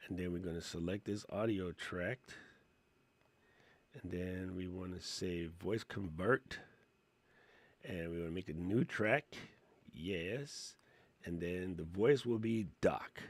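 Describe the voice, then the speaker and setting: A man streaming a casual software tutorial, excitable and laughing often, with casual slang. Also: sits low, takes it slowly, pauses often, dry recording. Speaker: tech streamer.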